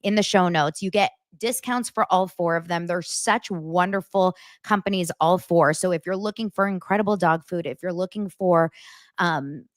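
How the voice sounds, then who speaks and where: A woman hosting her own podcast, talking straight to her listeners in animated, casual commentary with lots of filler words. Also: lowish voice, normal speed, dry recording, studio quality. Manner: animated, talks directly to listeners, many "like" fillers. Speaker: podcast host.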